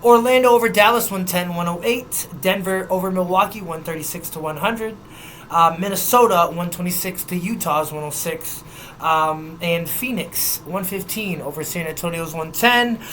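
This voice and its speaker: Young male sports podcaster, bright tone, casual and profane, rattles off scores. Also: high-pitched, a little hiss or hum. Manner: loose and chatty, swears, reads scores in quick lists. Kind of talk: casual sports news rundown.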